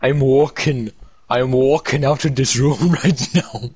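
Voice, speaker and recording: A man's voice: medium pitch, fairly even intonation, unhurried, darkish tone, breathy edge, no echo, rough recording. Brash young man with a put-on Irish accent. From Australia. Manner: brash, heavy swearing, mock-aggressive banter. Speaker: gaming streamer. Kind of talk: casual gaming chat.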